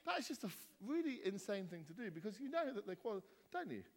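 Brief: male vicar, high bouncy voice, jokey crowd banter, long church-hall reverb. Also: big pitch swings, fast. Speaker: vicar leading a church gathering. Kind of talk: playful banter with the congregation.

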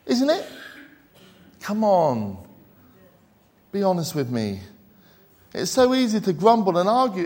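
A man preaching a sermon in an earnest, searching way. His voice sits high for a man, and he keeps turning to the congregation with questions. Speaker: pastor.

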